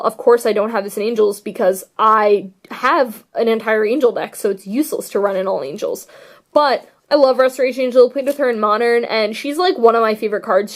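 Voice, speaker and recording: A young woman talks through her card deck in a loose, rambling vlog. Her voice sits a little high, and she gushes over favorite cards with plenty of fillers. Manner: gushing, rambling, filler-heavy. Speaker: card game vlogger. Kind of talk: casual deck tech chat.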